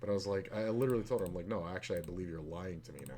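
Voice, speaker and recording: Low-voiced man talking through poker hands. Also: racing, warm tone. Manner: muttering, frustrated asides at the table. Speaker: poker streamer. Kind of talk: casual poker commentary and chat. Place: home room at a computer. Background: faint hum and keyboard clicks.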